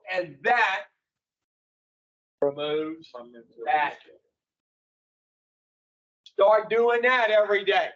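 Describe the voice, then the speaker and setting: High-voiced, slow folksy recovery speaker. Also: male voice, a bit bright, lo-fi sound. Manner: folksy, asks the group rhetorical questions. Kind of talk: preaching talk to a recovery group.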